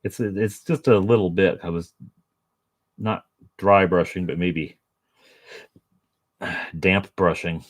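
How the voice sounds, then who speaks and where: A man's voice: sits low, fairly even intonation, slow, long pauses. A man hosting a casual painting session at home, rambling and self-mocking with jokey asides. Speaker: miniature painter and channel host. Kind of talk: casual chat while painting.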